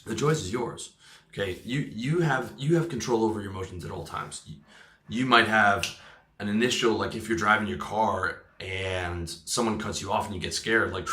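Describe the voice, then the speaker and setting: A man's voice: lowish voice, normal speed, sharp tone, reverberant. A man coaching in a motivational talk, emphatic, often checking in with "okay?" and "right?", and swearing casually. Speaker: lifestyle coach.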